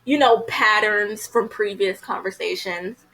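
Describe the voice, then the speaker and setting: Woman reviewer, casual and outspoken, bright tone, lots of fillers. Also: mid-range voice, unhurried, rough recording. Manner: chatty, frank, heavy use of "you know" fillers. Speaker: TV episode reviewer.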